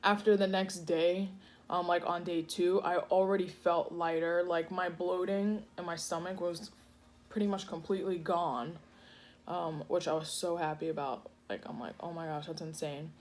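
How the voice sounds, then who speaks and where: A woman's voice: fairly low pitch, fairly even intonation, moderate pace, darkish tone, a little hiss or hum. Chatty woman rambling over a meal. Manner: chatty, rambling, many fillers. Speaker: food vlogger. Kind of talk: casual eating vlog chat. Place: home kitchen.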